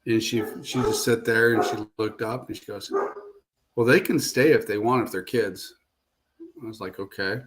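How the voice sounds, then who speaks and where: A man's voice: fairly low pitch, normal speed, fairly bright tone, a little hiss or hum. A man being interviewed as a paranormal investigator, telling a long story in a casual, rambling way and repeating "I said" and "she goes" often.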